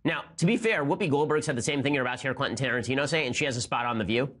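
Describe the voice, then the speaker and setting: A man in his thirties hosting a political commentary show, talking fast with sarcasm and disbelief. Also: mid-range voice, fairly bright tone. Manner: rapid, incredulous, sarcastic. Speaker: host.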